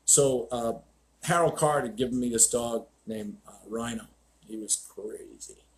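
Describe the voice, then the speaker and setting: A man's voice: medium pitch, unhurried, a little hiss or hum. A man hosting a live stream as a dog trainer, telling stories in a blunt, profane, ranting way.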